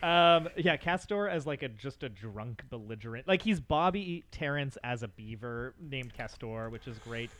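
A man's voice: medium pitch, expressive, normal speed, few pauses, fairly bright tone, no room sound. Upbeat man, dry close sound. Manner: enthusiastic, laughs between points. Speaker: podcast co-host. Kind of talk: casual chat recapping an episode.

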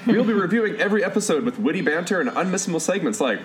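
A man hosting a casual podcast, bantering quickly and laughing often. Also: sits high, sing-song, over music. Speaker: podcast host.

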